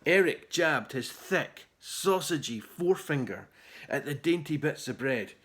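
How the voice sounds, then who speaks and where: A man reading his children's book aloud in an animated, theatrical way. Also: a little high, measured pace.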